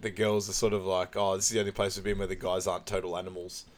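A man's voice: deep voice, flat delivery, fast talker. A young man co-hosting a podcast, casually retelling film scenes and chuckling as he goes. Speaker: podcast co-host. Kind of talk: casual film recap chat.

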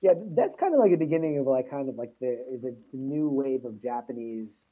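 A man's voice: mid-range voice, expressive, fairly quick. A man co-hosting a casual podcast, agreeable and hesitant, with lots of fillers and restarts. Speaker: podcast co-host. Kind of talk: casual chat. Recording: dull lo-fi podcast audio.

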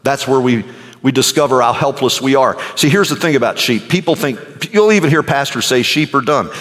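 Animated preacher in a reverberant hall. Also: male voice, fairly quick. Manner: animated storytelling, swinging from hushed low to loud high. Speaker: pastor. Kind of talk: sermon.

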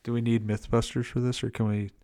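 Fast and flat, with a dark, medium-pitched voice, a podcast co-host chats casually in a movie review. He's laid-back and quotes the film's lines in playful impressions.

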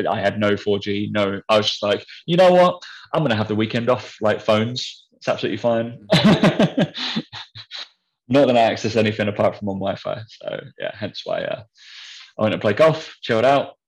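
A young man with a lowish voice tells a story in a loose, casual chat. He is blunt and swears freely. His delivery is animated. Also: normal speed, rough recording. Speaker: podcast co-host.

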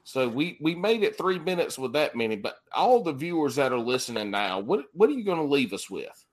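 A man hosting a podcast, bantering crudely and laughing loudly with his guests. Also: fairly high pitch, big pitch swings, fairly quick. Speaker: podcast host. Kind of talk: casual chat.

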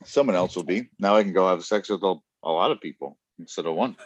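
A man's voice: deep voice, fast, dry recording, muffled recording. A man telling blunt, profane stories with frequent laughs in a casual podcast chat. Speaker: podcast guest.

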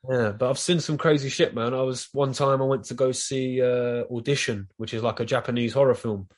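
A man in a casual chat, telling stories with lively energy and plenty of swearing and filler words. His voice sits at an ordinary middle pitch for a man. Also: a little fast. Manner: animated storyteller, heavy swearing, lots of fillers.

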